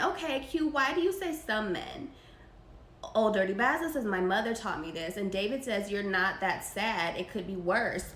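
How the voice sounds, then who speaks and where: A woman's voice: fairly high pitch, a bit bright. A young woman hosting a live podcast Q&A, reading chat questions aloud and reacting in a brash, profane, laughing way. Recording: echoey room with faint ambient noise.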